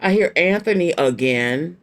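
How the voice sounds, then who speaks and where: A woman's voice: on the low side, animated, measured pace. A woman in her late fifties giving a casual tarot reading to her viewers, blunt and emphatic, repeating her phrases and using slangy, folksy talk. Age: 50s. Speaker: tarot card reader.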